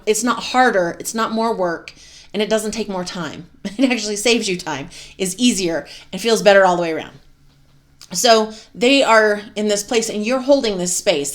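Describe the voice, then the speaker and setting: Candid, swearing woman self-help host. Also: medium pitch. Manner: candid and profane, with laughs and sighs. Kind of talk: motivational self-help talk.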